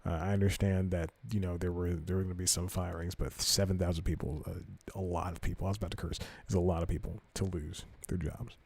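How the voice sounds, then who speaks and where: Low, mellow man rambling on a podcast. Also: level tone, brisk, creaky, hardly any pauses, slightly rough. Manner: rambling, self-correcting, reads news aloud. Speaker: podcast host. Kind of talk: casual podcast commentary.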